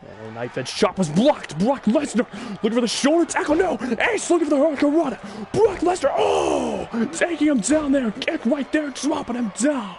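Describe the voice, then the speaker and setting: A man doing excitable play-by-play commentary on a wrestling video game, often breaking into shouted exclamations. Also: very high voice, moderate pace, creaky, few pauses. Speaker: gaming channel host.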